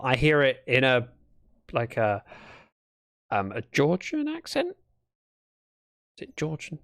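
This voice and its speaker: Lively, gravelly British man streaming. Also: mid-range voice, no room sound, clean studio sound. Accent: British English. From Britain. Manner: chatty, thinks aloud while building, talks to chat. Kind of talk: casual livestream chat while gaming.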